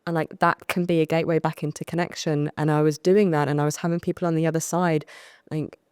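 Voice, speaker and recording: A woman's voice: sits low, fast talker, clean tone, no echo, clean studio sound. A woman from the UK, a podcast guest and coach, telling candid, self-deprecating stories about her past. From United Kingdom. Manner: self-deprecating, animated acting-out of past moments. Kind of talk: candid storytelling in conversation.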